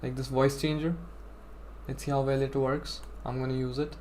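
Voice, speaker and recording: A man's voice: mid-range voice, level tone, moderate pace, a little mellow, a little hiss or hum. A young man live-streaming a game from his home setup, chatting casually and rambling to his viewers with lots of "bro" and "like". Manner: chatty, rambling, self-deprecating, says "bro" and "like".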